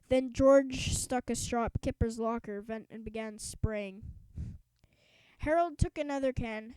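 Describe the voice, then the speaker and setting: A woman reading a children's storybook aloud in a lively, expressive way. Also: on the high side, smooth, dry recording, poor audio. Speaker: audiobook reader. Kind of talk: storybook read-aloud narration.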